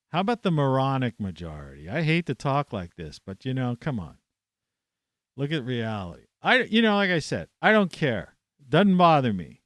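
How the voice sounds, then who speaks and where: A man's voice: mid-range voice, big pitch swings, measured pace, fairly bright tone, dry recording, studio quality. A man at home, ranting scornfully to camera with plenty of swearing. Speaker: vlogger. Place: at home, indoors in an old house.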